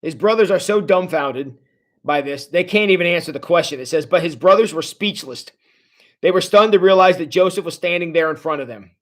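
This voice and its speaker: A man leading a casual livestream Bible study as a pastor, chatty and animated, reacting to viewers' comments as he tells the story. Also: fairly high pitch, brisk.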